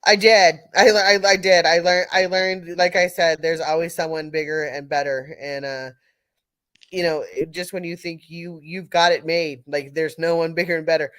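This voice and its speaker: A woman's voice: low-pitched, fairly even intonation, moderate pace, fairly bright tone, no room sound. A middle-aged woman from California, telling a casual story on a live audio panel, laughing often and restarting her sentences. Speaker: panel speaker.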